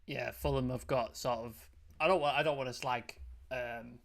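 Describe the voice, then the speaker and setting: Man, football chat host, monotone, filler-heavy, middle pitch. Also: moderate pace, creaky. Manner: loose and chatty, many fillers, reads chat messages. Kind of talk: casual football review chat.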